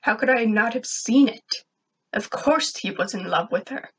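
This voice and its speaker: A woman reading a first-person fan fiction story aloud, steady and even. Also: on the high side, unhurried, slightly rough.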